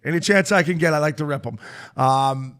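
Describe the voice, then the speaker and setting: Male podcast host, high voice, animated, swears freely while telling stories. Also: fairly quick, clean tone. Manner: animated, profane storytelling with frequent laughter. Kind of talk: casual podcast chat.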